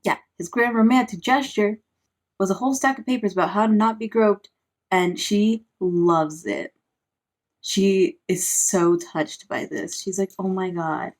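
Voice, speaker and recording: A woman's voice: mid-range voice, unhurried. A woman, a parent, giving a casual, sarcastic recap of a book, full of "like" fillers. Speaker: book reviewer.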